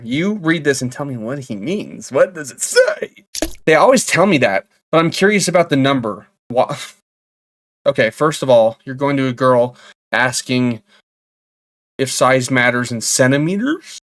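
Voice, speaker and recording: Man, sarcastic reaction commentary, frequent laughs, casual swearing, mid-pitched voice. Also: sing-song, normal speed, a bit bright. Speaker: commentator reading messages.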